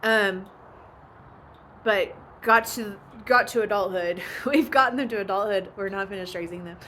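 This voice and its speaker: A woman's voice: mid-range voice, moderate pace, pushed and bright, slight background noise. A woman, chatting casually about family life and laughing often. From Oklahoma. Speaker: vlogger and ranch mom. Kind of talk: casual chat.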